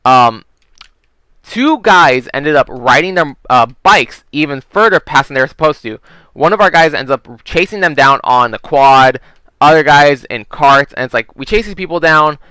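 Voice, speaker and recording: A man's voice: fairly high pitch, lively intonation, moderate pace, sharp tone, clear, resonant tone, dry recording, poor audio. A man telling work stories while playing a video game, rambling and swearing freely, with lots of "like" and "um". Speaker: gaming vlogger.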